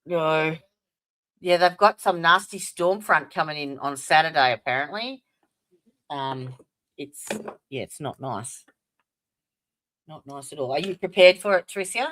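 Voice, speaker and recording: Low-voiced, unhurried Australian woman. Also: lively intonation, a bit bright. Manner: chatty, greets viewers by name, many fillers. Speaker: livestream host. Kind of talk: casual livestream chat.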